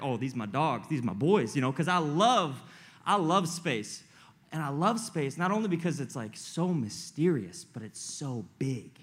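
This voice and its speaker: A young man preaching a casual, joking sermon to a live group as a youth pastor, excitable and full of slang. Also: a little high.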